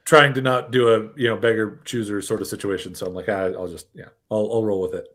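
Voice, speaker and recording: A man in casual podcast chat, hesitant and halting with fillers. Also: lowish voice, fairly even intonation, a bit bright.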